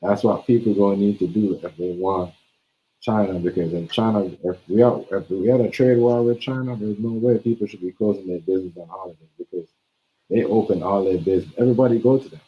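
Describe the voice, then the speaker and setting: Emphatic low-voiced man on a call. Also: brisk, highs cut off. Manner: emphatic, keeps asking "you see what I'm saying". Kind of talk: casual chat.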